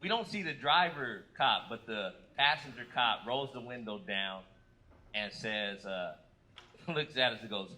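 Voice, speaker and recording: A man performing a stand-up comedy set, telling stories with lively acted-out quotes. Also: medium pitch, measured pace, low-quality recording. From United States. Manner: animated storytelling with acted-out quotes. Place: comedy club stage with live audience. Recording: live club recording with audience noise.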